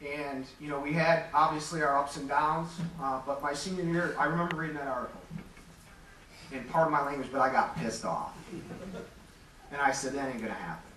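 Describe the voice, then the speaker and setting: A man's voice: a little high, steady tone, moderate pace, sharp tone. Man giving a speech in an echoey hall. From Metro Detroit, Michigan. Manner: storytelling, candid, self-deprecating. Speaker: Hall of Fame inductee. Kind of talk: acceptance speech with anecdotes. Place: large hall. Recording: echoey hall, distant mic, faint hum.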